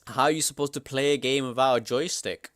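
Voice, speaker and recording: A young man, a streamer chatting casually and reacting in loud, slangy outbursts. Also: medium pitch, fairly even intonation, brisk, no echo.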